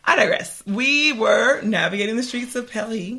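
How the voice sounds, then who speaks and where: A woman's voice: fairly high pitch, moderate pace, a crowd in the background. A woman in her thirties co-hosting a casual chat podcast, telling a story with lots of laughter. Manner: animated storyteller, laughs often. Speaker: podcast co-host.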